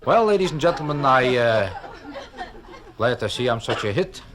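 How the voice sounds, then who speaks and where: A stand-up comedian works a stage in a wry, kvetching patter, his pitch swinging up and down as he lobs one rhetorical question after another. His voice sits in a middle register. The recording is an old vinyl pressing, full of surface crackle and clicks. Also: animated, normal speed, a loud crowd. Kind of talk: live stand-up routine. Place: stage at a live show.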